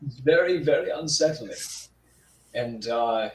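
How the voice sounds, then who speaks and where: A man's voice: mid-range voice, animated, measured pace, far from the mic. Man, tabletop role-play player, rambling, roomy echo, faint background noise. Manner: rambling, hesitant, with many fillers.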